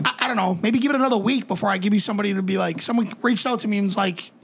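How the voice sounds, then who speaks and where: Podcast co-host, male, 30s, high gravelly voice, fast and stammering, profane. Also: fairly bright tone. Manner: rapid, stammering restarts, heavy swearing. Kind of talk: casual chat.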